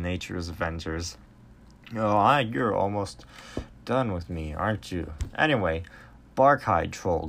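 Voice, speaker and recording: Excitable man reviewing cards, lower voice. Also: gravelly. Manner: excitable, flares louder at strong cards, stumbles over words. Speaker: trading card game reviewer. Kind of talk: casual card review monologue.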